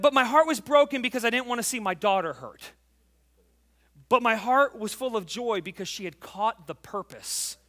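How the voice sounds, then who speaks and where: A man in his forties preaching a sermon as pastor, fervent and emphatic, telling a family story and dropping to quiet intimacy. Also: high-pitched. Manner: tells a family story, acting out the voices.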